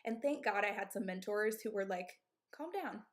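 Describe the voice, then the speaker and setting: Speaking at a brisk clip and short of breath, this gym owner in her thirties offers blunt, emphatic advice to fellow owners over a live stream. Her pitch is a typical middle range for a woman, and she keeps tossing in "okay?" and "right?" to stay connected with listeners.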